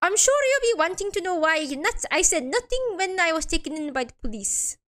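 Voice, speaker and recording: A woman doing a nervous Irish man in the dock, pleading in a shaky overdone brogue, high and bright, swooping up and down, read out for a game stream. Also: big pitch swings, a little fast, full character voice. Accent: put-on Irish. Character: cagey Irish male defendant on trial, pleading.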